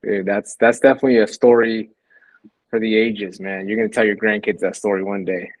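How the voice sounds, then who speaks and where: A man hosting a casual chat, laid-back and quick to react and laugh along. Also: lowish voice, little pitch movement, low-quality recording.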